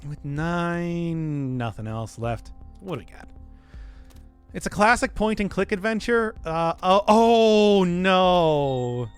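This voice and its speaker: A man's voice: sits high, sing-song, takes it slowly, clean tone, soft background music. A male streamer in casual live-stream chat, reading viewer requests with wry, teasing banter.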